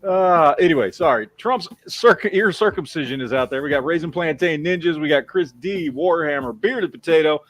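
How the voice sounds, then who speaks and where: A man's voice: on the high side, moderate pace, hardly any pauses, fairly bright tone, dry recording, soft background music. A middle-aged man with a Texan accent hosting a casual livestream, rambling and swearing as he reads out viewer names. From Texas. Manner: rambling, profane, reads chat names aloud. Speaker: livestream host.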